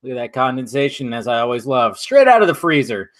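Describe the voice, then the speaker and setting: A man's voice: mid-range voice, sing-song, brisk, a bit bright. A man hosting a casual live stream, chatting loosely and swearing while he sips a drink.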